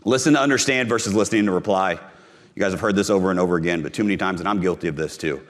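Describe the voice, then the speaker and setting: Speaking very fast in a low-pitched voice, a Missourian delivers a live sales talk at a conference. His style is punchy and direct, hammering his key phrases and speaking straight to the crowd.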